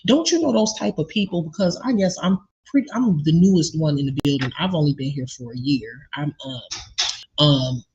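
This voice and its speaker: A woman's voice: deep voice, normal speed, a little mellow, lo-fi sound, slight background noise. A woman venting to her viewers in an indignant, profane, casual rant about a personal story. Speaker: vlogger telling a personal story.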